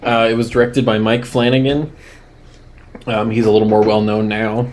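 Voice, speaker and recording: A man co-hosting a casual podcast, relaxed, with many ums and small chuckles. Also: fairly low pitch, moderate pace. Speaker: podcast co-host.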